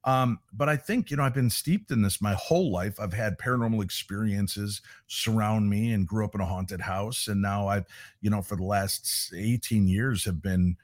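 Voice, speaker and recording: A man's voice: on the low side, normal speed, dry recording, clean studio sound. A middle-aged man, a paranormal investigator, telling stories in a casual interview and animatedly acting out the voices he quotes. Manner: animated storyteller who acts out quoted voices.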